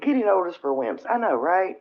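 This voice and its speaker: In a lowish, very animated voice and brisk pace, a middle-aged woman hosts a casual livestream chat with viewers. She rambles and vents with frequent sighs, and the stream audio sounds dull and lo-fi.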